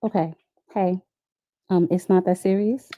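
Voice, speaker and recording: Dark-voiced, calm woman co-host. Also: lowish voice, a little slow. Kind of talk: casual chat.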